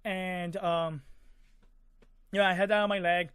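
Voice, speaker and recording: A man's voice: sits high, little pitch movement, slow, fairly bright tone, clean tone, dry recording, clean studio sound. A man casually telling a personal story, rambling with many fillers and little sound effects. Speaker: vlogger.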